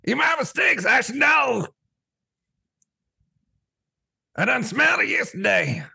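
A man doing a squeaky, cartoonish talking goat. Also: sing-song, normal speed, vocal fry, husky, full character voice. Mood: shouting taunts. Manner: shrill shouted taunts.

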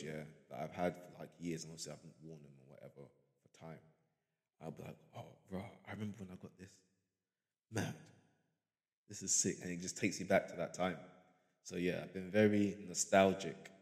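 Deep-voiced man rambling with slang. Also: darkish tone, big-room sound. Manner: rambling, laid-back, heavy on slang fillers. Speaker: podcast host. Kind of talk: casual solo podcast chat.

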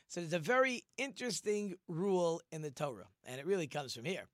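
A man teaching an informal Torah lesson, animated and acting out the quoted speech of the figures he discusses. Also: on the high side, a little fast, no echo, clean studio sound. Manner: animated, acts out quoted speech in different voices.

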